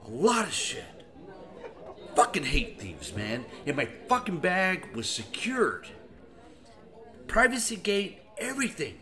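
A man's voice: on the high side, huge pitch swings, takes it slowly, pauses often, pushed and bright, a faint crowd. A man hosting a show, furiously ranting and swearing, repeating himself as he vents. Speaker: host. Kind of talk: profane angry rant.

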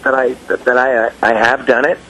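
Gravelly middle-aged man, animated storyteller. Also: medium pitch, moderate pace, a little hiss or hum, low-quality recording. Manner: animated, acts out quotes in raised voices. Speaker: guest musician. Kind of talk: casual storytelling chat.

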